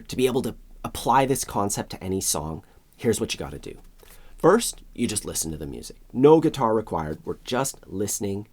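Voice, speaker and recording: A man's voice: lowish voice, a little mellow. A man giving a friendly step-by-step guitar lesson, counting beats aloud and vocalizing strums. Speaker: guitar teacher. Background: guitar strumming and backing track.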